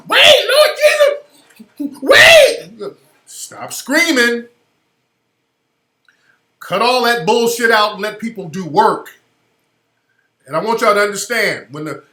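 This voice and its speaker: A man hosting a radio show, giving emphatic, slangy commentary over a video clip. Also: high voice. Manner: emphatic, slangy, rising loud when worked up. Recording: roomy echoey sound.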